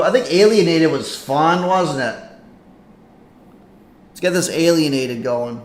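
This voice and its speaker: A man hosting a live stream in casual commentary, chatty and excitable as he reacts to a game. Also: fairly high pitch, a little slow, long pauses. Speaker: livestream host. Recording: echoey room with faint noise.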